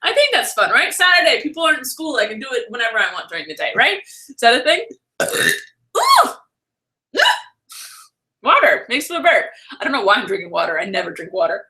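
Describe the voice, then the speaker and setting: Young woman vlogger, bright lively voice, ranting live stream chat. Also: a little high, fast talker. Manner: animated, ranting, frequent laughter.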